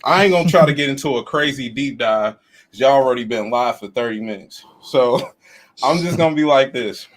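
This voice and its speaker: A man's voice: medium pitch, brisk, slight background noise. Emphatic man arguing in casual chat. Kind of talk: casual live-stream chat.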